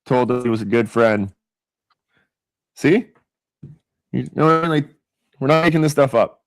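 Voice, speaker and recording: A man co-hosting a comedy podcast, relaxed as he reads out listener comments. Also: mid-range voice, unhurried. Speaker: podcast co-host. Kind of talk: casual comedy podcast banter.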